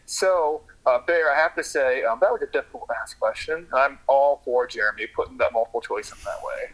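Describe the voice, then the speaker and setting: A man calling in to a podcast, talking casually with many pauses and ums. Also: mid-range voice, fairly bright tone, rough recording. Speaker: caller. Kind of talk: casual chat.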